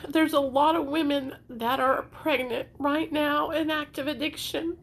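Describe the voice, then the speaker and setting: A woman's voice: high voice, fairly even intonation, a little slow. A young woman talking to camera in an emotional personal vlog, earnest and pleading, crying as she speaks. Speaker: content creator sharing recovery story.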